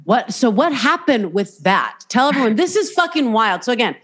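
A woman's voice: on the high side, sing-song, moderate pace, fairly bright tone, husky. A woman hosting a podcast in casual chat, talking candidly, swearing freely and acting out voices as she tells stories. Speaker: podcast host.

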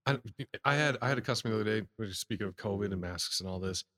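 Man, casual chat, animated, acts out customers, quick laughs. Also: fairly low pitch. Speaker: podcast co-host, salesman.

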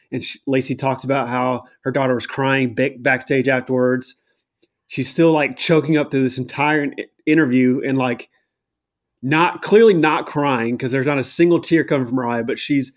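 A man in a casual podcast chat, his voice sitting at an ordinary middle pitch. He rambles with fillers and sounds exasperated, throwing in mocking asides. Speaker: podcast co-host. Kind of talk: casual chat recapping a wrestling show.

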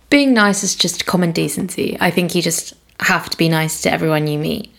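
A woman's voice: lowish voice, creaky. A young woman co-hosting a podcast in casual chat, giving frank, blunt advice. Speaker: podcast co-host, agony aunt.

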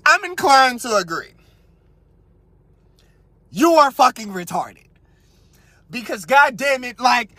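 Man, podcast host, crude comic rant, high voice, slow unhurried delivery, dry close mic. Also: no room sound. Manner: crude, loud, cracks himself up, trails into mutters. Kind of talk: profane comedic commentary on a read-out story.

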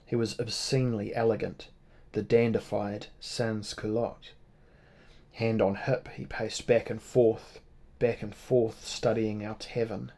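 A man narrating a novel in a measured, dramatic reading style. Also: lowish voice, level tone, a little mellow. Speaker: audiobook narrator. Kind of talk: scripted narration.

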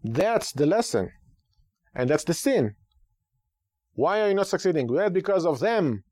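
This rabbi and radio podcast host speaks in a voice that sits high, unhurried, as he gives spirited talk-show commentary full of rhetorical questions and emphatic repetition. The sound is studio quality with no room noise.

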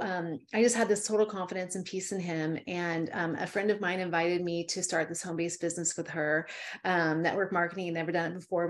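Female interview guest, lower register, emotional storyteller who acts out every exchange. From California. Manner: animated, fervent storyteller with many asides.

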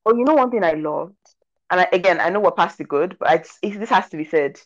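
A woman's voice: fairly low pitch, fast. Woman podcast co-host, casual film chat, acts out scenes, slightly dull lo-fi audio. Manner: animated storytelling, acts out scenes. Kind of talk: casual movie review chat.

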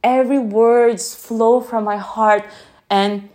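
A woman who is not a native English speaker, talking slowly and gently in an unscripted podcast recorded on her phone, often checking in with "yeah?". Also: on the high side, steady tone. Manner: slow, gentle, reflective, asks listeners "yeah?". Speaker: podcast host. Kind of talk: unscripted reflective podcast talk.

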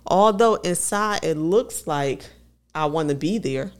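Co-hosting a casual podcast, a woman shares personal stories candidly, often breaking into laughter. Her low-pitched voice is expressive and a little slow.

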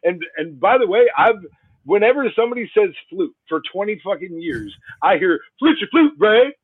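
A man, a fellow comedian, chatting casually in an excitable way and swearing freely. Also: high-pitched, normal speed, husky, no echo, phone-quality sound. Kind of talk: casual chat.

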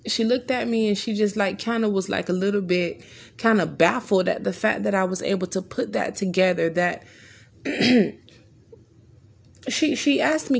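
A woman shares a personal therapy story in a candid, heartfelt way, her mid-range voice gravelly with vocal fry and her pace measured. Earnest and emotional, she recounts back-and-forth conversations in plain words, often stumbling and restarting mid-sentence.

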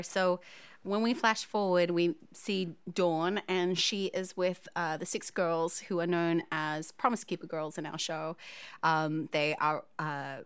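Smooth-voiced woman composer guest. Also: fairly low pitch, dry recording. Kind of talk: podcast interview.

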